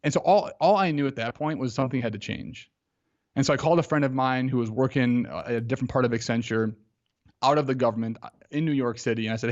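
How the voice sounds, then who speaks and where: A man in his thirties, a podcast guest telling a personal story in a casual, animated way, full of "like" and acted-out quotes. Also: medium pitch, quick pace, dull audio.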